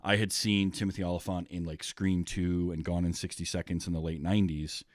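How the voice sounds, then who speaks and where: A man's voice: low-pitched, level tone, a little fast, no room sound, studio quality. A man hosting a podcast, talking casually about a film with lots of fillers and restarts. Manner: chatty, many fillers and restarts. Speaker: podcast host.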